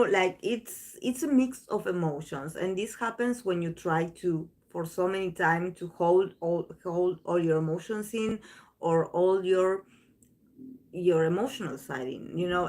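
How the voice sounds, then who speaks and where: A woman talks to her viewers in an unhurried, loose chat, drifting between thoughts and restarting her sentences. Her voice sits fairly low, and she takes her time with every phrase. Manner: rambling, many restarts and fillers. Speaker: tarot channel host.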